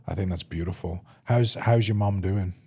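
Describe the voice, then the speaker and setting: A man hosting a podcast interview, asking gentle questions and affirming his guest often. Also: low voice, moderate pace, breathy edge. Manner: supportive, frequent brief affirmations. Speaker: podcast host.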